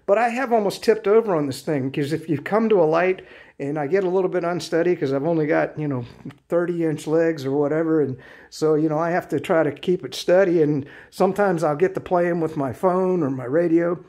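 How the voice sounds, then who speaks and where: A man's voice: a little high, brisk, darkish tone. A man in his late fifties giving a rambling, chatty scooter review, full of fillers, restarts and blunt mild swearing. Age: 50s. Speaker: product reviewer. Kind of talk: casual video review.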